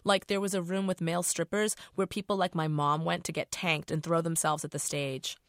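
A middle-aged woman author reads her own novel aloud in a low voice. Her first-person narration is casual and profane, and the sound is dry and close. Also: level tone, a little fast, fairly bright tone, no room sound.

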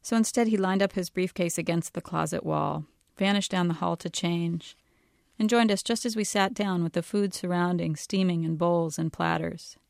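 A woman author reading her own novel aloud in a calm, measured way. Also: fairly low pitch, creaky, dry recording, studio quality.

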